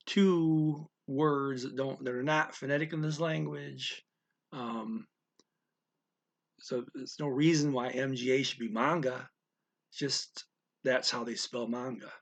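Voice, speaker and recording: A man's voice: medium pitch, vocal fry, fairly bright tone. A man teaching a language lesson in an informal, explanatory way, with frequent fillers and restarts.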